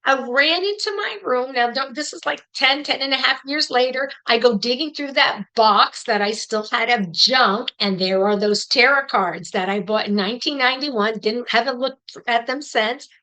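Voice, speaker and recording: A middle-aged woman tells her story to a listening audience at a quick, lively clip. Her voice sits a touch high and rings bright and forward, and she gives each turn of the tale plenty of expression. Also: low-quality recording. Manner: fast-talking. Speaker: psychic medium giving a talk.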